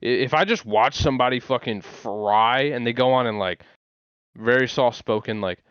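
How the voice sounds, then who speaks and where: A man on a casual gaming podcast who argues his points in an animated, slang-filled way. His voice sits mid-range and comes through a dry, dull, lo-fi mic. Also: medium pitch, normal speed, clean tone, no room sound. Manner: animated, storytelling, uses slang. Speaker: podcast co-host.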